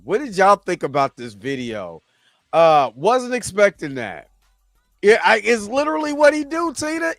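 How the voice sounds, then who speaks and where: A man's voice: high-pitched, a bit bright, dry recording. A man hosting a reaction video, laughing often and repeating himself in casual chat.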